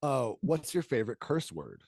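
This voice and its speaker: A man's voice: medium pitch, wildly swooping pitch, normal speed, gravelly, a little mellow, slightly rough, no echo. Laid-back, playful male interviewer, dry sound. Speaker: interviewer, host. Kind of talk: casual interview chat.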